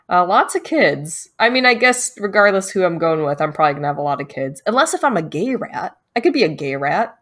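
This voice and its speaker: A woman's voice: lowish voice, sing-song, normal speed, fairly bright tone. A young woman streaming a game, chatting casually and playfully reading the on-screen choices aloud with little jokes.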